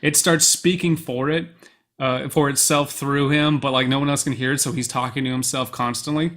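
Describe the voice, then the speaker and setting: A man's voice: mid-range voice, moderate pace. A man from the US, a podcast co-host, recapping a film in casual chat and often acting out quoted lines. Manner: animated storyteller, quotes lines in put-on voices.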